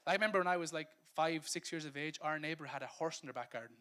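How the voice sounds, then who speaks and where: An Irish man preaching a lively, conversational sermon as a pastor, joking and acting out little scenes. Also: fairly high pitch, quick pace, few pauses. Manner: lively, conversational preaching that acts out quotes and laughs at himself. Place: church service.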